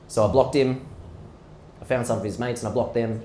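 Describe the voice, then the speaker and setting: A man performing a stand-up comedy set, telling stories and acting out the exchanges with lively energy. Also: mid-range voice, a little fast. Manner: animated storytelling, acting out exchanges. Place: live comedy venue with audience. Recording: echoey room with audience noise.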